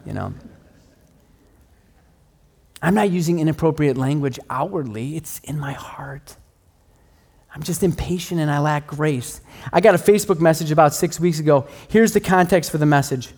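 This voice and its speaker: Conversational, self-deprecating middle-aged pastor. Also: male voice, on the high side, a little mellow. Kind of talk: sermon.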